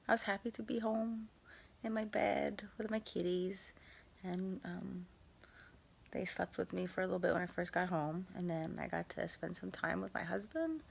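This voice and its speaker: A woman recording a casual vlog from her bed at home after surgery, sore and tired, soft-spoken and halting with many pauses and small laughs. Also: lowish voice, gravelly. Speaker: vlogger. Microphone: phone.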